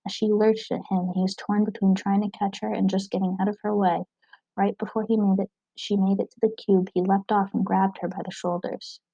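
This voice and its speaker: Woman reading a novel, flat and mellow. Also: medium pitch, a little fast, gravelly, husky, dry recording, lo-fi sound. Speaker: audiobook reader.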